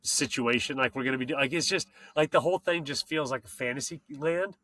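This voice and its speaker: Male podcast host, bright tone, hyped and slangy, casual and profane. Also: mid-range voice, brisk. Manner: excited, slangy, swears freely. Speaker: podcast host and mountain bike racer.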